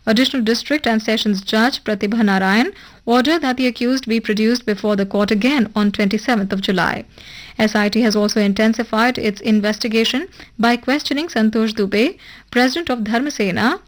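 A woman reading a formal radio news bulletin in a measured, even broadcast delivery. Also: a little high, poor audio. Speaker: newsreader. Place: radio studio.

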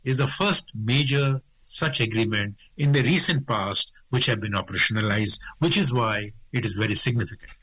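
A man, a trade expert answering questions in a radio interview in a measured, explanatory way. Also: on the low side, bright, forceful tone, breathy edge, rough recording. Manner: measured, explanatory, lists facts and figures.

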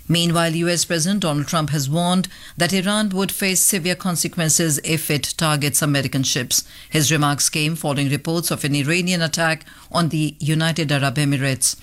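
A woman reading international news bulletins in a measured, formal way as a radio newsreader. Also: deep voice.

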